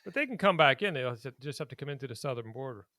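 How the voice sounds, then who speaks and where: A man co-hosting a casual podcast, talking in an animated, indignant way and laughing often. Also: medium pitch, fast, no room sound. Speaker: podcast co-host. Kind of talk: casual political chat.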